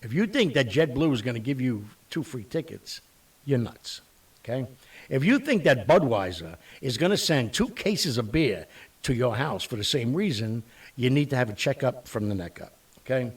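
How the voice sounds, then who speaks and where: A man's voice: mid-range voice, moderate pace, breathy edge, far from the mic. A man hosting his online show, rambling bluntly with mild curses. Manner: animated, blunt, mildly profane, rambling. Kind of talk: casual rambling monologue.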